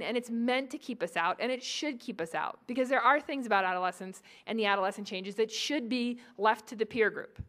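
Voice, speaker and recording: A woman in her forties from New England, a psychology professor lecturing at a conference with lively, joking asides to the audience. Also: on the high side. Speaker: psychology professor giving a talk.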